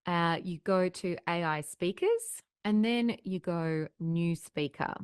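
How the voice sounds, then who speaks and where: A woman trainer walks through a software demo step by step in an upbeat, explaining manner. Her voice sits a touch low for a woman, and the sound is close and dry, with no room around it. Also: smooth, no room sound. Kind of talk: recorded software tutorial walkthrough. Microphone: desk microphone.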